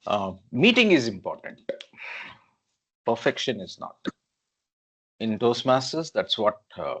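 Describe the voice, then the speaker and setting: A man who is a guest at an online club meeting, giving calm, encouraging feedback in short sentences. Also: medium pitch, a little slow, breathy edge. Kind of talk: casual online meeting talk. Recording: dull lo-fi call audio.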